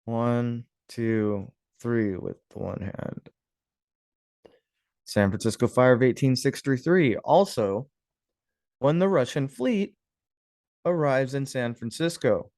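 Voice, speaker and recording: A man's voice: medium pitch, takes it slowly, long pauses, a little mellow, no room sound, clean studio sound. A man casually commenting on old images and clippings, musing aloud, with sarcastic asides and frequent chuckles. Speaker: history video host.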